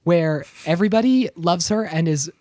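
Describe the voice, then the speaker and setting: A man's voice: fairly high pitch, normal speed, mellow, dry recording. Dry-sounding sarcastic man recapping a film. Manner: laughing, sarcastic plot recap. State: strained voice. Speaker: podcast co-host. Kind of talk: casual chat.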